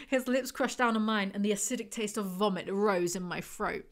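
A woman's voice: medium pitch, moderate pace. A woman hosting a book review vlog, reading excerpts aloud and breaking in with sarcastic, wry asides. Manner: sarcastic, wry asides between read passages.

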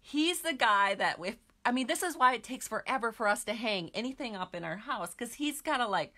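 Bright, chatty woman teaching a craft. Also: a little high, animated, fairly quick, hardly any pauses. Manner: chatty, talks to viewers while working. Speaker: stamping craft demonstrator. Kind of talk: casual craft tutorial.

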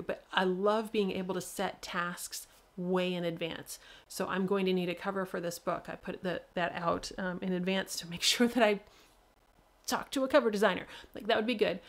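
Casting: woman streamer-author, loose chatty delivery, quick laughs, plenty of "um" and "like". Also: mid-range voice. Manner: chatty, laughs often, many fillers. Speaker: author hosting a livestream show. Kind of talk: casual livestream talk.

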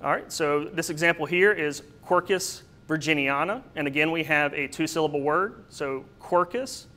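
A man delivers a slide-based botany lecture in a fairly high, bright voice. He explains step by step, with occasional fillers and little asides to his audience. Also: moderate pace. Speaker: presenter.

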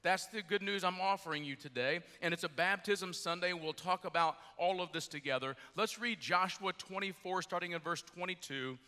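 A man's voice: high-pitched, fairly quick, hardly any pauses, bright, forceful tone. A middle-aged man preaching a sermon as pastor, joking and conversational, a little jet lagged. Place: large church with balcony. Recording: long church hall reverb.

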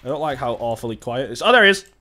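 A young man from Britain playing a video game with friends, excitable and laughing, swearing often as he talks on a headset. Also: medium pitch, rapid-fire. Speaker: gaming YouTuber. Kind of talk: casual gaming chat with friends.

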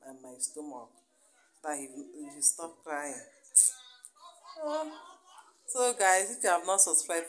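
A young Nigerian woman talks casually to her vlog viewers in a somewhat low voice, circling back to the same phrases. Her tone stays chatty and personal. A faint hiss sits under the voice. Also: rough recording. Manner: chatty, repeats phrases, warm pleading sign-off. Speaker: family vlogger.

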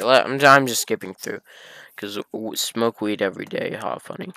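A man's voice: fairly low pitch, normal speed, creaky, sharp tone, no echo. A man reading a fan fiction aloud for comedy, breaking in with exasperated, sarcastic commentary and swearing.

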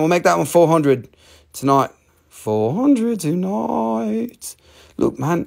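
Man, live-stream rock seller, gravelly and a bit high, loose, joking and profane. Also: darkish tone. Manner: joking, rambling, swears casually. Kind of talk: casual live sales chat.

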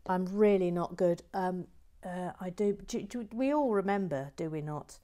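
A woman's voice: on the low side, moderate pace, warm tone, slight background noise. A woman hosting a casual building stream, chatting in a self-deprecating, exclamatory way. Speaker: LEGO building stream host. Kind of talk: casual chat while building.

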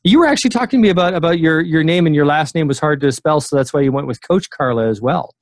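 A man's voice: fairly high pitch, animated, quick pace, crowd noise. A man in his sixties, a memory expert guest, talking casually in an interview with many fillers and restarts.

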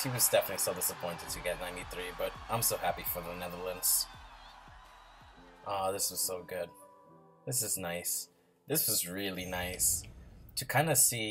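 A man hosting a reaction video, chatting casually and gushing with excitement as he watches. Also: low-pitched. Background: music playing from the video.

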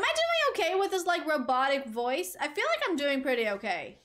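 A woman's voice: sits high, huge pitch swings, a little fast, hardly any pauses, fairly bright tone, soft background music. A woman giving casual gameplay commentary as a streamer, rambling, correcting herself and talking to her chat. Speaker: gaming streamer.

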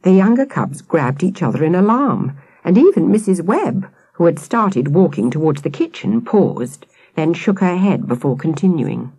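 A woman narrating a children's audiobook with an expressive, dramatic reading. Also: fairly low pitch, normal speed, slightly rough, no room sound.

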